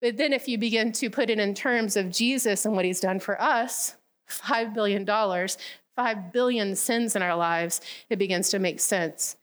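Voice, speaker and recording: A woman preaching a casual sermon, retelling a parable with lively storytelling and acted-out voices. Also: medium pitch, moderate pace. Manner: animated storytelling, acting out the characters.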